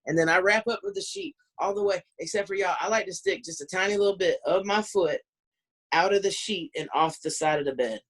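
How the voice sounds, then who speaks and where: A woman's voice: lowish voice, brisk. A woman with a Southern US accent doing a brash, profane stand-up set over a video call from home. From Southern United States. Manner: brash, ranting, profane, laughs between lines. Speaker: stand-up comedian. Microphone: computer mic on a video call.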